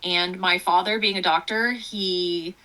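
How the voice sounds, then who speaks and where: Bright, animated woman telling stories. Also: fairly low pitch, unhurried, rough recording. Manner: animated storytelling, laughing often, many fillers. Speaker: author guest. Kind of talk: casual interview chat.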